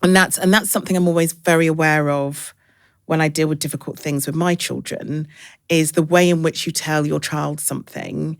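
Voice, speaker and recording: A woman, a podcast guest, talking candidly and reflectively, sometimes acting out others in a bright high voice. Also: steady tone, moderate pace, no echo, clean studio sound. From England. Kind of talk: candid conversational interview.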